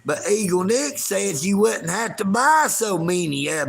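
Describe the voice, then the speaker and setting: A man's voice: high-pitched, animated, unhurried, gravelly, hardly any pauses. A man, ranting on a livestream in a folksy, taunting way and talking about himself in the third person. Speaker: live streamer. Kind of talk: livestream rant.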